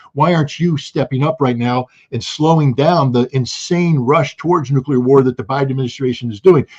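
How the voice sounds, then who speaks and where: A man giving heated political commentary as a guest, forceful and indignant, often restarting his sentences. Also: fairly high pitch, husky, highs cut off.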